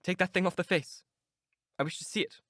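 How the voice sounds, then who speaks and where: A man's voice: fairly quick, fairly bright tone, no room sound. A man voicing an anxious, imperious young aristocrat in a dry audiobook reading, with his voice raised above his own. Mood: tense. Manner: raised pitch, urgent and clipped.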